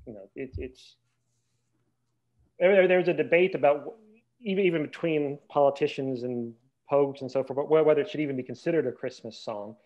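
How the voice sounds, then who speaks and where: A man's voice: fairly high pitch, a little fast, darkish tone, highs cut off. A man co-hosting a podcast, chatting casually and hesitantly, often repeating words as he searches for the next one. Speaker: podcast co-host. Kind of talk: casual chat.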